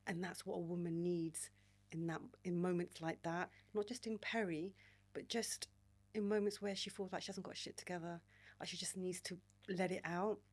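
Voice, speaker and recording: A woman in her forties, a podcast guest telling candid stories in an animated, frank way and swearing freely. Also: lowish voice, moderate pace. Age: 40s. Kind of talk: candid storytelling conversation.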